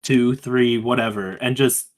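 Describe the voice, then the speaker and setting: A man's voice: mid-range voice, steady tone, measured pace. A man co-hosting a podcast in casual chat over a voice call, enthusiastic and full of fillers. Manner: enthusiastic, hype-driven, filler-heavy. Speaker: podcast co-host.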